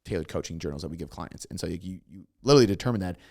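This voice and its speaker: A man's voice: sits low, creaky. A man, a coach, talking casually and animatedly on a podcast, swearing freely as he tells stories. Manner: fast, swearing, animated storytelling. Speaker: fitness coach, guest.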